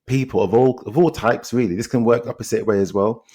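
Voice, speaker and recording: A man's voice: medium pitch, brisk, warm tone, slightly rough. A man with a London accent co-hosting a film podcast, laid-back and agreeable, often murmuring agreement. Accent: London English. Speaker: podcast co-host. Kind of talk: casual film chat.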